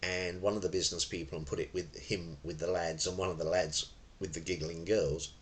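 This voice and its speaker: An older man from London, England, a tai chi and self-defence instructor, gives an informal spoken lesson on self-defence. His voice is low and steady and his pace fairly quick. He's chatty and digressive, full of fillers and self-corrections, and there is slight background noise.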